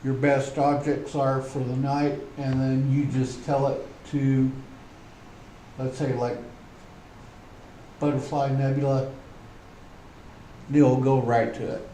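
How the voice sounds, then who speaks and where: A man presenting at a club meeting, slowly and haltingly reading through software menu settings. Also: mid-range voice, flat delivery. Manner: slow, halting, reads off menu items. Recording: roomy meeting hall, faint hum.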